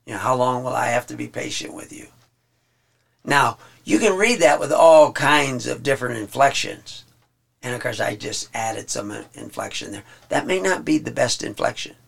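A man teaching a Bible study, reading verses aloud slowly and then explaining them in plain, halting talk. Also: medium pitch, vocal fry, a bit bright.

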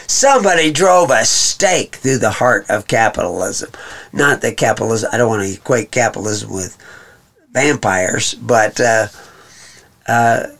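A man's voice: mid-range voice, fairly bright tone. A man hosting a program, giving a rambling monologue that mixes scripture with money talk, sarcastic with folksy asides. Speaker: program host. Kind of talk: monologue commentary on scripture and economics.

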